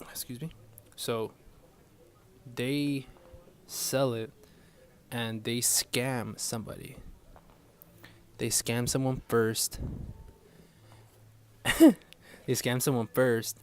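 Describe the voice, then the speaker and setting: A man's voice: mid-range voice, fairly even intonation, drawn-out words, long pauses. A young man ranting casually to his viewers, rambling and swearing often in frustration. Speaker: vlogger. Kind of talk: casual profane rant.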